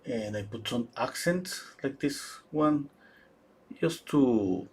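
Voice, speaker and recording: A man giving a live painting demonstration, thinking aloud in a halting way with frequent restarts. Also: medium pitch, expressive, a little hiss or hum. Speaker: painting instructor.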